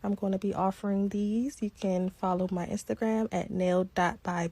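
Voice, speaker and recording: A woman casually narrating her nail-making process in a relaxed, unhurried way. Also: medium pitch, breathy edge. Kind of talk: casual nail tutorial voice-over.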